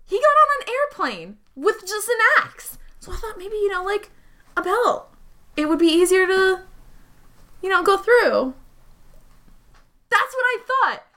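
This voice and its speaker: A woman in her thirties playing in a tabletop game, animated and joking as she argues her case. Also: very high-pitched, unhurried, long pauses. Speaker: player. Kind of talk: casual tabletop role-play.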